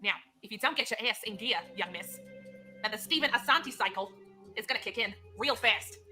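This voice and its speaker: A theatrical fake psychic, played by a woman, speaks in a bright, fairly high voice with a patronizing air. She keeps calling her client honey, and faint music runs underneath. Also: fairly quick. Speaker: comedic psychic.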